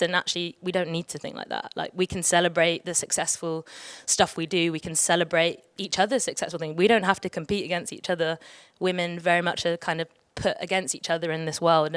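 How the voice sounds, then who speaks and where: A woman's voice: lowish voice, clear, resonant tone, no echo. A young woman speaking on a conference panel, chatty and emotional, often laughing. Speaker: panelist, athlete. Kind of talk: panel discussion.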